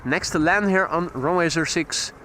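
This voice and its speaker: Dutch guy doing plane spotting commentary by the runway, pretty high voice, a bit of outdoor noise behind. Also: moderate pace. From Netherlands. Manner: steady, informative call-outs of arriving planes. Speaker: plane-spotting livestream host. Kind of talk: live aviation commentary. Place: outdoors next to an airport runway.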